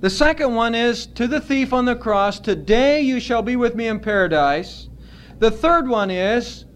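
A man preaching a sermon as pastor, earnest and emphatic, stretching out his words with pauses. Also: very high voice, clean tone.

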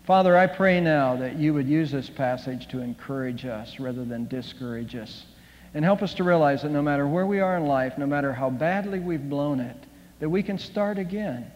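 A male pastor leading an earnest, halting prayer during a sermon. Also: medium pitch, darkish tone, muffled recording. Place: church sanctuary. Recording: long hall reverb.

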